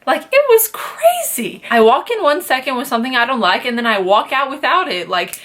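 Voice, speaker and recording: A young woman tells a personal story to her camera in a casual vlog. Her voice sits a little high, and she talks in an animated, chatty way, full of fillers like "like" and "literally". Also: quick pace. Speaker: beauty vlogger.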